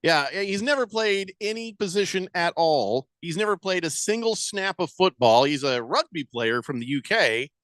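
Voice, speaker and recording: An animated man talks sports on the radio in a casual, joking way, and his pitch swings widely as he plays up his points. He sits a little above the usual male range. The sound is close and dry, with no room around it. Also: normal speed, hardly any pauses, no room sound. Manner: joking, animated, playful exaggeration.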